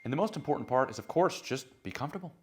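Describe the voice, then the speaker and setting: A young man coaching confidence in an emphatic motivational talk, building his lists up to loud crescendos. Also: medium pitch, expressive, very fast, slight background noise.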